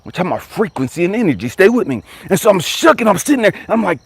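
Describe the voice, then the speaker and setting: A man, a life coach, telling a personal story dramatically, jumping from excited high bursts to hushed, whispery lows and urging listeners to stay with him. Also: racing, few pauses, husky, no echo. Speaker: life coach and motivational speaker.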